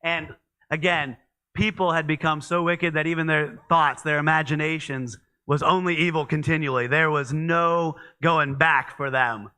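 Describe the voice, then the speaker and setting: A man teaches in a church in a loose, conversational sermon style. His voice is very bright and ringing, clean and smooth, and pitched a little high for a man. He trips over his words often and keeps going with fillers and restarts. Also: fairly even intonation, moderate pace. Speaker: pastor.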